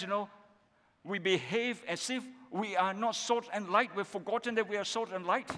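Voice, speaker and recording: A man's voice: high voice, a bit bright. A man with a Malaysian English accent preaching a sermon as pastor, often checking with the congregation through repeated rhetorical questions. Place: church hall. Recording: long hall reverb.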